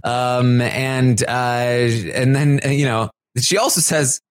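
A man's voice: medium pitch, slow pace, dry recording, clean studio sound. A man co-hosting a podcast, casually recapping a reality show with lots of fillers. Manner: rambling, lots of fillers, quotes houseguests in a lively voice. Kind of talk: casual chat.

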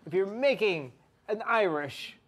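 A man's voice: high-pitched, lively intonation, a little slow, fairly bright tone. A man co-hosting a live show, mixing cocktails with jokey, chatty banter and frequent laughs.

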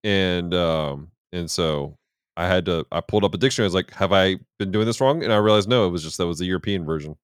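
A man's voice: sits low, quick pace, smooth, no room sound, clean studio sound. A man hosting a casual movie review podcast, genially steering the talk. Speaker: podcast host.

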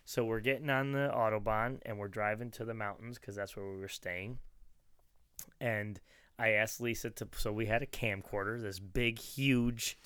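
Middle-aged male storyteller, smooth resonant voice, dry close sound, rambling and chatty. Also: lowish voice, steady tone, normal speed, a bit bright, no room sound. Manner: rambling anecdotal storytelling with frequent restarts and laughs. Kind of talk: casual chat.

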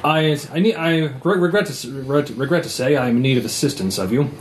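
A man's voice: mid-range voice, noisy background, close to an everyday voice. A man voicing a large, proud male cat who serves as a royal guard. He speaks in a stiff, formal way that often halts. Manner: stiff, formal, halting speech.

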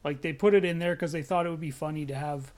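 A man co-hosting a podcast in casual chat. His voice sits somewhat high for a man, and he talks hesitantly with plenty of fillers. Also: fast, a little mellow. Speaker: podcast co-host.

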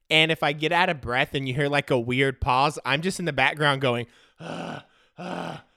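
Guy ranting solo on his podcast, jokey, a bit high-pitched and punchy. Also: pushed and bright, dry recording, studio quality. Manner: joking, self-mocking, rambling. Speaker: podcast host. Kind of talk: solo comedic podcast rant. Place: home studio.

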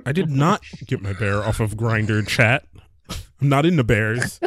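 A man's voice: mid-range voice, unhurried, no echo, clean studio sound. A man hosting a casual podcast, joking around crudely and laughing with his co-hosts. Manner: jokey, crude, animated. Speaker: podcast host.

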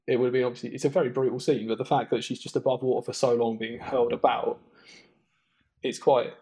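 A man's voice: medium pitch, little pitch movement, fast talker, mellow. A man co-hosting a podcast, chatting enthusiastically and rambling with many restarts. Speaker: podcast co-host. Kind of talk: casual film chat.

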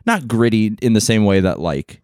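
A man co-hosting a podcast, joking around in relaxed casual chat. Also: on the low side, moderate pace, clear, resonant tone, dry recording, clean studio sound. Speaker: podcast co-host.

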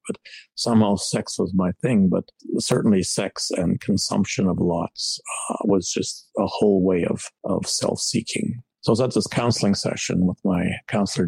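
Gravelly husky man telling his recovery story. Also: low voice, a little mellow, no echo, poor audio. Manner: candid, reflective, with frequent restarts. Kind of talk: personal storytelling in conversation.

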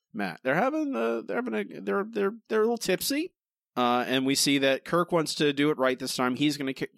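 A man co-hosting a podcast, recapping an animated episode in casual, rambling chat full of restarts. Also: medium pitch, creaky, dry recording, clean studio sound. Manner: animated, rambling with restarts, addresses co-host by name. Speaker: podcast co-host.

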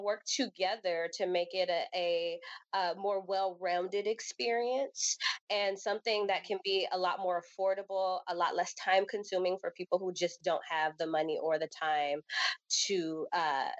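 A woman's voice: mid-range voice, fairly even intonation, moderate pace, no room sound. A woman co-hosting a podcast, agreeable and giggly, with many fillers in casual chat. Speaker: podcast co-host. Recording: dull, dry lo-fi podcast audio.

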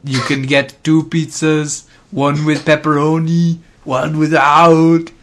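A man putting on a goofy accented voice as a pizza shop owner, drawn out and loud. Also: a little high, level tone, slow, pitched above the performer's own voice. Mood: hammy.

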